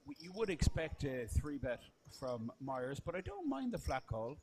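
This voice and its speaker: Guy breaking down poker hands, bit higher voice, faint hiss behind. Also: sing-song, normal speed. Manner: analytical, explains the hand play. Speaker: poker commentator. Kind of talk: live poker commentary.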